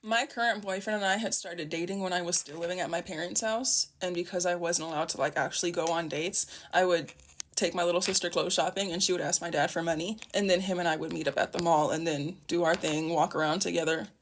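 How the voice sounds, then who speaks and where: A woman with a fairly low voice telling a casual storytime. She sounds conversational and corrects herself now and then. A faint noise sits behind her. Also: fairly even intonation, fast talker.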